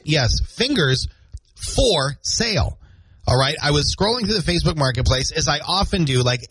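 Chatty husky-voiced radio host. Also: male voice, mid-range voice, no echo. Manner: chatty, jokey, animated delivery. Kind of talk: casual radio chat with weather and ads. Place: small radio studio.

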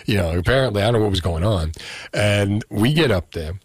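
A New man hosts a call-in radio show, low in pitch and chatty, spinning a story with quick asides. His voice is dry and close to the mic. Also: expressive, breathy edge, no echo. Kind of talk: casual call-in radio talk.

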